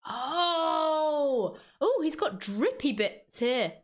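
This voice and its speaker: A woman's voice: high voice, very animated, very slow. A woman chatting casually while she draws, self-mocking and laughing often. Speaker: drawing vlogger. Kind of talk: casual chat while drawing.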